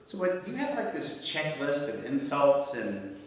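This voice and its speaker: A man's voice: fairly high pitch, sing-song, moderate pace, a little hiss or hum. A man playing a wry, sighing writer. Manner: wry, sighing, self-deprecating. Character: self-doubting male writer, husband, ex-Army. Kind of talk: amateur stage comedy acting. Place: theatre stage. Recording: echoey hall, from far off.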